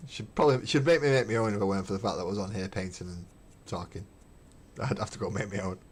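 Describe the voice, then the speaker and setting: A middle-aged man holds forth on a hobby livestream, emphatic and opinionated. His voice sits low and carries a husky grain. He talks casually while painting at home. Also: quick pace. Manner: opinionated, emphatic ranting with swearing.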